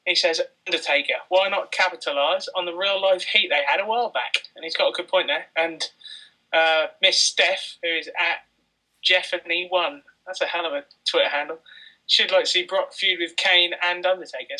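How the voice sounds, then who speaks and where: A young man hosts a podcast and reads listener tweets. His voice is very bright and fairly high, with a dry, wry edge. He sits a little away from the mic. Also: fairly even intonation, a little fast, far from the mic, rough recording. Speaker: podcast host. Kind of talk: casual chat and reading listener tweets.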